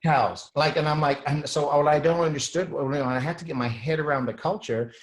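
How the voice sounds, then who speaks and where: A middle-aged man hosting a show, talking in a rambling casual monologue with frequent throat clearing and restarts. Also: fairly high pitch, fairly quick, poor audio. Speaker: host.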